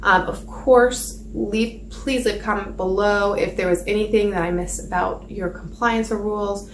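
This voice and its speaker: A woman's voice: mid-range voice, steady tone, moderate pace, a little hiss or hum. A woman giving a casual spoken sales training, chatty and rambling, full of fillers and restarts. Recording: echoey room.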